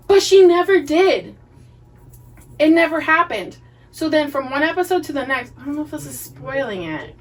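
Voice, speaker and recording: Woman, Boston accent, high voice, profane, casual podcast co-host, distant poor mic. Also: normal speed. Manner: profane, animated, acts out characters' lines. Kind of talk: casual chat recapping a TV series.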